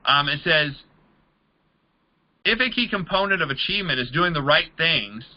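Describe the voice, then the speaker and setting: A man's voice: fairly high pitch, lively intonation, moderate pace, dull audio. A man leading a motivational sales training, talking in an emphatic, repetitive coaching manner. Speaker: MLM trainer.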